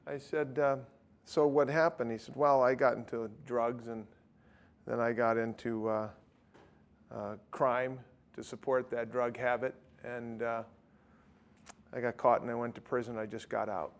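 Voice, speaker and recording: Gravelly-voiced man preaching a story. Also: medium pitch, flat delivery, unhurried. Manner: conversational storytelling, acting out both sides of a dialogue. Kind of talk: sermon with retold street-evangelism story.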